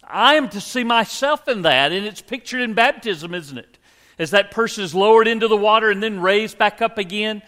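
A man's voice: high voice, sharp tone. A man preaching a sermon as pastor, earnest and conversational, asking the congregation rhetorical questions. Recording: long hall reverb.

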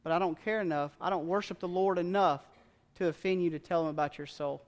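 A man preaching a sermon in a church, telling a story in an animated, plain-spoken way. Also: high-pitched, fast. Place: church sanctuary. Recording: long church reverb with faint music.

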